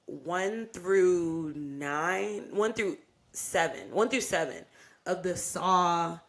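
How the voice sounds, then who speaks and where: Animated, profane young woman telling a story. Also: on the low side, drawn-out words. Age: young adult. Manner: animated, profane, rising into re-enacted anger. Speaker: podcast co-host. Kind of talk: casual storytelling chat.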